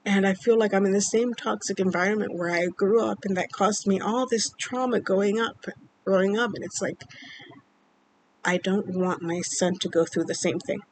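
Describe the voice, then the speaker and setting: A woman vlogger casually telling a personal story, rambling and halting with many fillers, sounding upset and emotional. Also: medium pitch, a little hiss or hum, rough recording. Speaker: vlogger keeping a mood journal.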